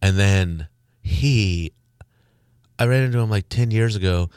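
A man's voice: fairly low pitch, measured pace, a little mellow, clear, resonant tone, dry recording, clean studio sound. A man talking as a guest in a casual conversation, rambling and full of filler words. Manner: rambling, heavy use of fillers.

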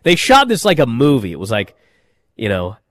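A man hosting a casual wrestling chat, telling stories in an animated way with many fillers and restarts. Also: medium pitch, normal speed. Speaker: wrestling podcast host.

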